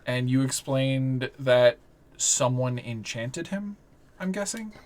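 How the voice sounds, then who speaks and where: Slow, rambling game master. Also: mid-range voice. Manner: relaxed, rambling narration with fillers. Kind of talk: narrating a tabletop game.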